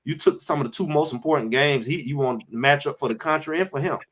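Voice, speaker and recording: A man's voice: on the high side, fast, a bit bright. A show host delivering heated, emphatic sports talk, repeating his points. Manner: fired-up, emphatic, repeats phrases.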